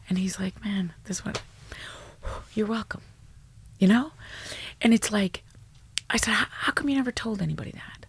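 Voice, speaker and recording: A woman, a psychologist guest on a podcast, telling stories in an animated, blunt way, swearing freely and dropping to a hushed tone at tender moments. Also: mid-range voice, normal speed, gravelly, slightly rough, dry recording. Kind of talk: storytelling in a podcast interview.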